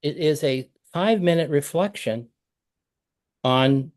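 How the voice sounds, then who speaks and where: A man's voice: medium pitch, lively intonation, measured pace, mellow. A middle-aged man coaching a parent over a video call, talking conversationally and acting out example phrases.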